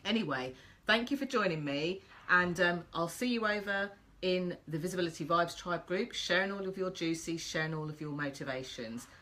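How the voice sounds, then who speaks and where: A woman's voice: on the low side, moderate pace, sharp tone, poor audio. A woman host giving a chatty, encouraging motivational talk to her viewers.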